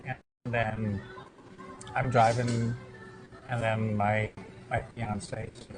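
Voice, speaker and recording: A man's voice: on the low side, flat delivery, very slow, over music. A man chatting casually on a live stream, telling a rambling story.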